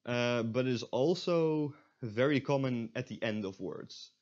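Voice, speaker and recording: A young Dutch-accented man, a Dutch language tutor, explains pronunciation in a casual recorded lesson, hesitant and full of fillers and restarts as he demonstrates sounds. His voice is medium in pitch and darkish in tone, at a measured pace, and the lo-fi recording sounds dull.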